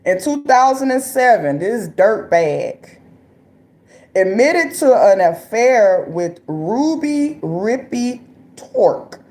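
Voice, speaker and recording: A woman runs a loose, profane comic rant. She riffs with slang and asides. Her voice sits a little high. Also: sing-song, slow, darkish tone. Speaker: commentator. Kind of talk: comedic political rant.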